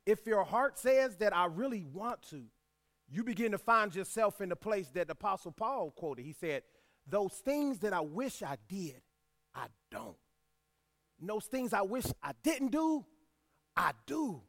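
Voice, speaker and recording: In a high, sing-song voice and without rushing, this pastor delivers a sermon. Scripture is read aloud with important lines repeated, and he drops in homespun remarks to his congregation.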